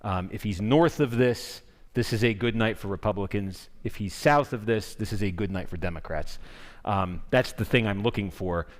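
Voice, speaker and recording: A man speaking as a guest at a public forum, answering audience questions in an earnest, explanatory way and often restarting his sentences mid-thought. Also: on the low side. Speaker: guest speaker, political correspondent. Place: large forum hall. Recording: long hall reverb.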